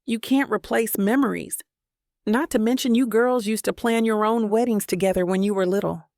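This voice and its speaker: A guilt-tripping mother who scolds insistently, as a woman reads her in an audiobook. The voice is a touch gravelly, recorded dry and close with no room sound. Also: medium pitch, fairly even intonation, normal speed, a little mellow, no echo, close to an everyday voice. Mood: scolding. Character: nagging guilt-tripping middle-aged mother. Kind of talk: audiobook narration.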